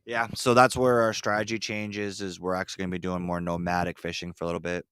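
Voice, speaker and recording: A man hosting a casual podcast, rambling with lots of fillers and telling excitable stories. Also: low-pitched, fast, clean tone, no room sound. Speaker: podcast host. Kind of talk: casual chat. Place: ice fishing shanty.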